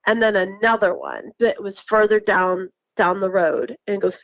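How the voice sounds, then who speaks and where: A woman's voice: mid-range voice, slow pace, fairly bright tone, no echo, poor audio. Chatty woman telling a story, laughing often. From New York. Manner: chatty, laughs often, many fillers and restarts. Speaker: guest recounting encounters. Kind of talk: casual storytelling.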